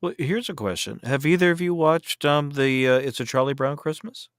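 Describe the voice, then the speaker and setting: A man's voice: a little high, moderate pace, a bit bright, no room sound, clean studio sound. A man on a casual round-table podcast who keeps the talk moving with questions and asides. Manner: inquisitive, steering talk with questions. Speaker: podcast co-host.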